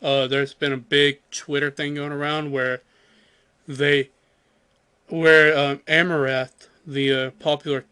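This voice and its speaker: Young man with a bright, smooth voice. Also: on the high side, flat delivery, takes it slowly, no echo. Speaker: podcast co-host. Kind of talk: casual podcast segment.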